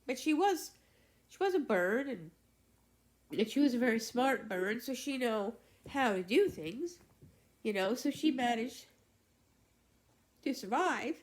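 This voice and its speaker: Slow, halting woman vlogger. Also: fairly high pitch, very animated. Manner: halting, with many fillers and restarts. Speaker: vlog host. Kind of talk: casual storytelling.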